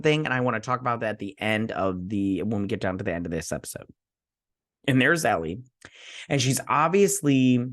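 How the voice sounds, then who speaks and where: A man's voice: lowish voice, a bit bright. A tired man hosting a casual TV review, retelling an episode in a rambling, chatty way and often breaking off to give his own reactions. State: tired, yawning. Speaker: TV review host.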